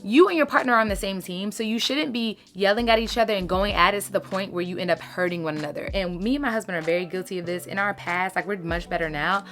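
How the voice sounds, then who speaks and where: Woman, 30s, casual emphatic vlog talk, mid pitch. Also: fast, hardly any pauses, a bit bright, faint music behind. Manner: chatty, emphatic, uses "sis" and "baby". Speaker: lifestyle content creator. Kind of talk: casual advice talk to followers.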